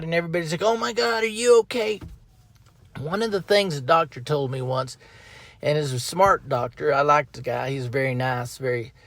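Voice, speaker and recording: Perched up in a tree outdoors, a podcast host delivers a casual, folksy, rambling monologue, often repeating his phrases. His voice is on the high side and fairly bright, with no room sound.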